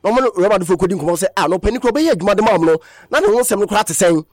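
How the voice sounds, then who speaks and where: A man presenting a radio sports news bulletin, talking fast and sometimes slipping into a sing-song lilt. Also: high voice, animated, dry recording, clean studio sound.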